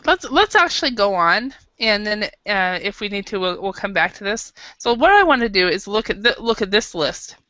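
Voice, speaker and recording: A woman's voice: medium pitch, very animated, moderate pace, few pauses, pushed and bright, no room sound. An American woman teaching an English class, patient and hesitant, with many fillers and restarts. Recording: dull lo-fi classroom recording.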